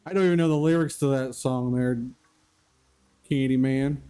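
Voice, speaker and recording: A man's clear, resonant, warm voice at medium pitch carries his casual live-stream chat as he plays a video game. He talks at a moderate pace, laughs often, and speaks to chat members by name.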